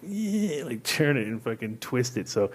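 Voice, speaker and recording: A man's voice: mid-range voice, sing-song, a little slow, slightly rough. A man hosting a show, telling a long casual story full of swearing and acted-out quotes. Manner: rambling, profane, acts out voices in quotes. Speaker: host.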